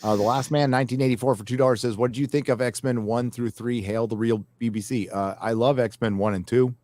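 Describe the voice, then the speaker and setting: A man's voice: mid-range voice, steady tone, fairly quick, darkish tone. A man hosting a casual panel chat, reading viewer donations aloud in a rambling way, with fillers and self-corrections.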